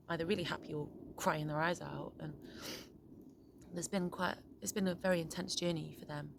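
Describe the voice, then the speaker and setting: A middle-aged woman, a poet and a parent, gives a frank, reflective monologue, halting often, swearing freely and restarting her sentences. Her voice is low and gravelly, with noise in the background.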